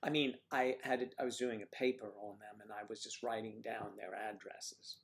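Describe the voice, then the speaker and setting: A man's voice: on the low side, steady tone, normal speed, gravelly. A man hosting a casual livestream, rambling and joking as he reacts to viewer comments. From United States. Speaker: livestream host.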